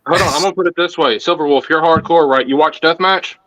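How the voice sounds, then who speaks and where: A man's voice: fairly high pitch, quick pace, sharp tone, dry recording, rough recording. A man sternly lecturing another panelist, backing up a point.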